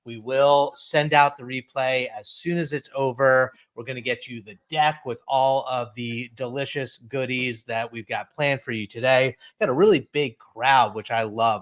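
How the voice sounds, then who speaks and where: A man from Central New Jersey hosting a live webinar over a video call, energetic and playful, often restarting his words. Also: mid-range voice. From Central New Jersey, USA. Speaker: webinar host.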